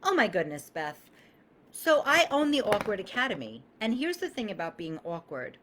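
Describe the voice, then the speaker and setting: Lively, swearing woman coach live-streaming. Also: mid-range voice, moderate pace, noisy background. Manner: emphatic, swears freely, acts out quoted voices.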